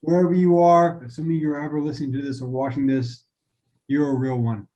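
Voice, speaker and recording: A man's voice: on the high side, flat delivery, brisk, warm tone. A man co-hosting a podcast, joking in a mock-formal way during casual chat. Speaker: podcast co-host. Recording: dull lo-fi sound.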